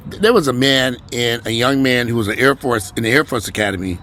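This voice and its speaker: A man ranting bluntly and profanely to his viewers from home, with sudden loud rises in a voice. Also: mid-range voice, slight background noise. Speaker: vlogger.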